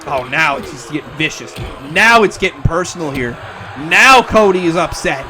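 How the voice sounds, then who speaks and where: A man calling wrestling play-by-play, excitable and breaking into shouts at near-falls. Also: fairly high pitch, normal speed. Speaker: wrestling commentator. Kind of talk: play-by-play commentary.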